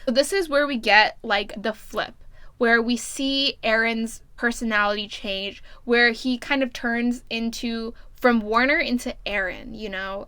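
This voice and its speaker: A woman's voice: on the high side, bright, forceful tone, clear, resonant tone, dry recording. A woman giving a casual, profane and exasperated plot recap as a book reviewer.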